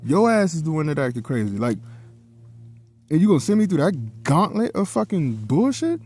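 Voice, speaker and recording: A man's voice: a little high, big pitch swings, moderate pace, darkish tone, breathy edge, soft background music. A man telling a personal story in a casual, heated monologue, swearing often and repeating himself as he goes.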